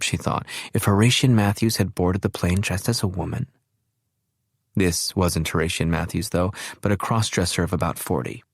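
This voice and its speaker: An audiobook narrator delivers scripted narration in a measured, even storytelling style. His voice is low, and the recording is clean studio sound with no echo.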